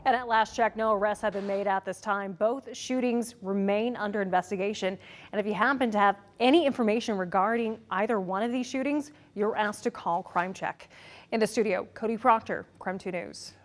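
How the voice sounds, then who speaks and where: A woman reporting on a crime story for the local news in a brisk, even way. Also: medium pitch.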